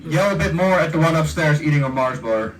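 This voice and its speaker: A man plays a tabletop game over voice chat, joking and ribbing his friends between turns. His voice is on the high side and sounds set back from the microphone. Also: expressive, brisk, distant mic, slight background noise, poor audio. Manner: joking, teasing banter. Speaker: player.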